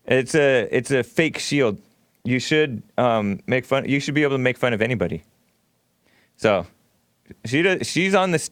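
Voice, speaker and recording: A man's voice: mid-range voice, no echo. A man hosts a call-in radio show and pushes back on callers in a blunt, provocative way. His voice sits in a middle range. The studio sound is dry and close. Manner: blunt, provocative, laughs often. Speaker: radio talk show host.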